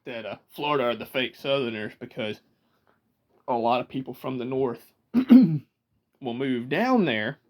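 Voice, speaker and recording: Here a man from Georgia, USA, with a slightly mellow, mid-range voice and a Southern accent chats on camera about regional accents. His talk is casual, full of rambling tangents and laughter.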